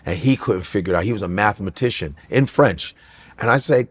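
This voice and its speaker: A man co-hosting a comedy podcast, talking casually and breaking into quick impressions of other people. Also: lowish voice, in a large hall. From United States.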